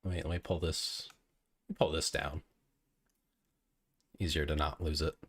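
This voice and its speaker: Deep-voiced male streamer chatting casually. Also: flat delivery, measured pace, a bit bright, breathy edge. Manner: chatty, joking, self-deprecating. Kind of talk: casual live-stream chat.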